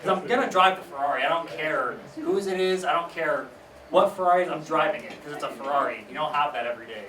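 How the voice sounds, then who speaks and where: Young guy doing a standup set, kinda high voice, deadpan, room echo and mic far off. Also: quick pace, slight background noise. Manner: conversational, deadpan asides, acts out family voices. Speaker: stand-up comedian. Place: small theater stage. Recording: echoey room recorded from far off.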